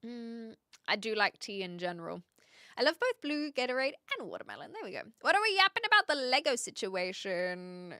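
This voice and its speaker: A woman with an educated New Zealand accent, chatting casually on a live stream, rambling, pausing to search for words and reading chat aloud. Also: on the high side, very animated, bright, forceful tone, clear, resonant tone, dry recording, clean studio sound.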